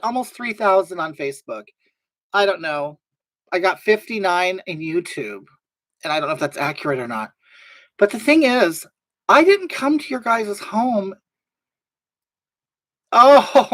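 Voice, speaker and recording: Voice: fairly bright tone, no room sound, rough recording. A drag performer hosting a casual livestream, reading viewer comments aloud and telling blunt backstage gossip. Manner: gossipy, blunt storytelling with big swings in pitch.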